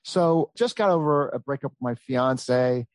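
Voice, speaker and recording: A man in his thirties telling a long family story in casual chat, rambling and animated, with many fillers. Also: mid-range voice, unhurried, no echo. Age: 30s. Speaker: storyteller guest.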